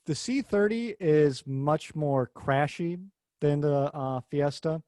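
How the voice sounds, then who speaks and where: A man's voice: fairly high pitch, slow, mellow, no room sound. Rambling, jokey male podcast host. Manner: rambling, jokey, swears casually. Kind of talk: casual car chat.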